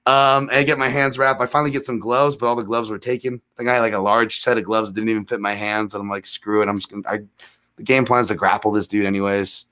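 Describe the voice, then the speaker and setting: A man's voice: lowish voice, fairly even intonation, fast talker, sharp tone. Self-deprecating man telling rambling stories. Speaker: guest, MMA analyst. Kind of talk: casual storytelling in a podcast interview.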